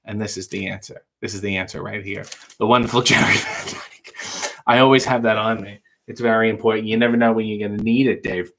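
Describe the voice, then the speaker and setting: A man's voice: fairly low pitch, steady tone, a little fast, a bit bright, a little hiss or hum. A man hosting a casual late-night livestream, answering viewer chat with dry, wry quips. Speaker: livestream talk show host reading viewer chat.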